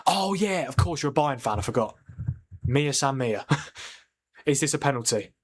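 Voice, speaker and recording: A mid-range male voice at normal speed belongs to a streamer hosting a live football watchalong. He reacts to the match as it plays, excitable at its incidents, and keeps up a chatty back-and-forth by reading and answering viewer comments.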